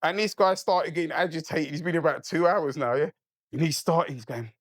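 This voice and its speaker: A man's voice: on the high side, fast, gravelly, no echo, studio quality. A man telling a long story as a podcast guest, swearing freely and checking in with his listener. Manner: animated, profane, keeps asking "right?". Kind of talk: casual storytelling.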